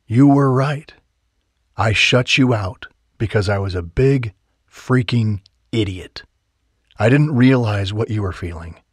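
A man's voice: lowish voice, slow pace, breathy edge, no room sound, studio quality, voice pushed up. A man voicing an earnest, remorseful young man in an audiobook romance, speaking with emphasis.

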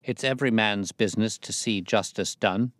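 A man reading Sherlock Holmes as a crisp, assured detective in an audiobook. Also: on the low side, moderate pace, fairly bright tone, no room sound, studio quality, natural voice. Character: Sherlock Holmes, brisk confident male detective.

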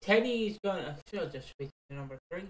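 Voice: mid-range voice, lively intonation, fairly quick, recorded from a distance. Rambling podcast co-host in an echoey room. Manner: rambling, swears freely. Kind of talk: casual podcast chat. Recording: roomy echo.

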